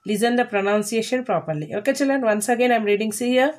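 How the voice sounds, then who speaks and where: A high-pitched woman takes a primary class through a reading lesson. She keeps calling the children by name and slows right down to spell out words letter by letter. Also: reverberant. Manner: spells out words letter by letter, stretches syllables slowly; repeats "children" and "see", coaxing. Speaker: primary school teacher.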